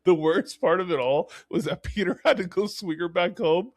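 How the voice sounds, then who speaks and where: A young man co-hosting a podcast in casual chat, animated and laughing as he acts out his own reactions. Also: high voice, moderate pace, dry recording, clean studio sound. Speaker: podcast co-host.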